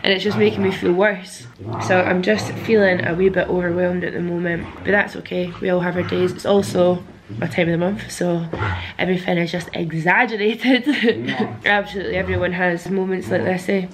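A young Scottish woman talks casually to her camera while under the weather. Her voice sits low for a woman, and she sounds candid and a little worn out. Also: steady tone, normal speed, background noise. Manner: chatty, candid and a little weary. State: sick and congested. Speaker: vlogger. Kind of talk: casual vlog chat.

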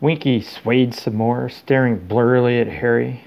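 A man reading a novel aloud to his children at a steady pace. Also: medium pitch, a little slow, vocal fry, dull audio.

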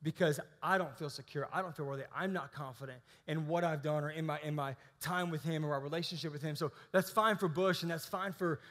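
Male pastor, thirties, relaxed conversational sermon, voice a bit high, long church-hall echo. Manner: conversational preaching with frequent restarts.

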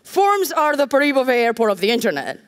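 A woman's voice: high-pitched, big pitch swings, quick pace. A woman from Portugal giving a conference talk on a stage, joking and candid with wry asides. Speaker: conference speaker. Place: large conference hall. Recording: hall reverb from a stage.

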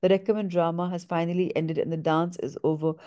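A woman reading a book aloud in a measured, steady way, with small stumbles. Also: on the low side.

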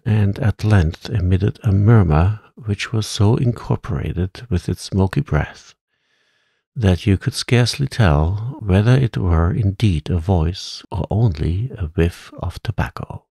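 A man reading a bedtime story aloud in a calm, soft-spoken, soothing manner. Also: deep voice, slow, vocal fry, breathy edge, dry recording.

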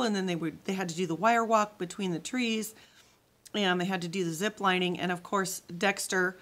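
Teacher reading a kids' chapter book aloud, a woman with animated, expressive delivery. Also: mid-range voice.

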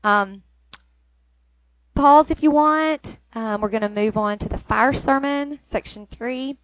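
A woman's voice: high voice, slow pace, a little hiss or hum, poor audio. A woman teaching a literature lesson, explaining lines of a poem with frequent "um"s. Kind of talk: recorded lecture.

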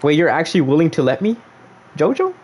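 A young man livestreaming a game, in casual commentary full of slang and banter, swinging from loud teasing outbursts to mock-solemn murmurs. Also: medium pitch, lively intonation, fairly quick, a little hiss or hum. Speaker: gaming livestreamer.

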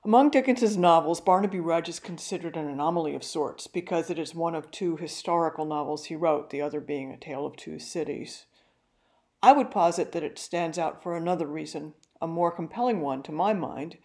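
An older woman giving a carefully read, measured talk on a novel. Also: low-pitched, darkish tone. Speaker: literary talk presenter.

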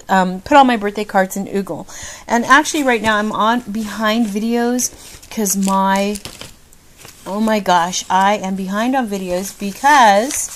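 A middle-aged woman chatting casually in a craft vlog, bubbly and gushing, laughing often. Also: mid-range voice. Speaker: craft vlogger. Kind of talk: casual chat.

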